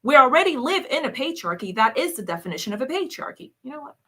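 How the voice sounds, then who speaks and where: Woman host roasting clips, high bright voice, mocking and combative. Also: very animated, fast talker. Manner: scornful, combative, repeats questions mockingly. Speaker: commentary host reacting to clips. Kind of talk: reaction commentary.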